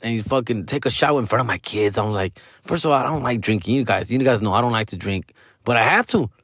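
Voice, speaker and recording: A man's voice: mid-range voice, fast, dry recording, studio quality. A middle-aged man hosting a comedy podcast, telling a story in a casual, slangy way, full of swearing and with Spanish phrases mixed in. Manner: profane, slangy, animated, mixes in Spanish phrases.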